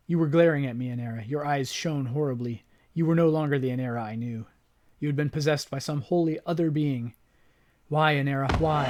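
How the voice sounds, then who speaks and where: A man hosting a gaming channel, reading story text from the game aloud in a dramatic, expressive way. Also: a little high.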